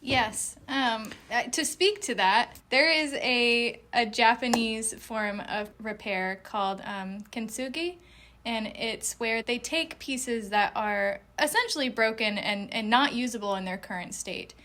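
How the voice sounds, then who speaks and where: Animated, giggly woman guest. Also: measured pace, a little hiss or hum. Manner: animated and giggly, jumps up in pitch. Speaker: podcast guest, artist. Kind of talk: casual conversation.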